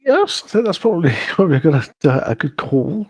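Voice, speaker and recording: A man's voice: fairly high pitch, sing-song, fairly quick, husky. A man playing a tabletop game, chatting casually and talking in character. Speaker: player. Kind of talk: casual play and in-character talk.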